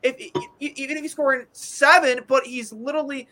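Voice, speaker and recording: A man's voice: extremely high pitch, steady tone, a little fast, sharp tone. A man co-hosting a casual hockey podcast, ranting in an exasperated, rambling way with many stammered restarts. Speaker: podcast co-host. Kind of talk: casual sports talk.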